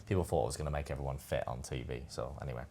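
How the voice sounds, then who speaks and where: Brief: low-pitched male podcast host, casual and meandering, swears freely. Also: steady tone, racing, warm tone. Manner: rambling, loose, repeats "anyway" and "I said". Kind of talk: casual storytelling chat.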